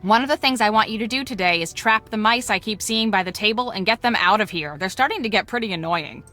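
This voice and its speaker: An actress voicing a brisk, dryly sarcastic woman who runs a ranch, in a video game. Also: mid-range voice, sharp tone, faint music behind, lightly acted. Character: brisk woman ranch boss, dry and wisecracking.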